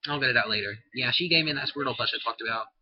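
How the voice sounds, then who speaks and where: A man's voice: medium pitch, very fast, husky, no echo. A young man in his teens ranting in a rambling, indignant vlog monologue, his voice jumping up sharply when he gets worked up. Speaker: vlogger. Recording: dull lo-fi recording.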